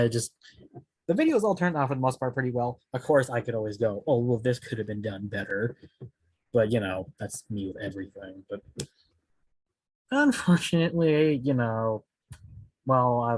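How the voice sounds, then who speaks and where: A man's voice: medium pitch, a little mellow, no room sound, low-quality recording. A man, a podcast co-host, speaking bluntly in casual chat. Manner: fast, candid, blunt.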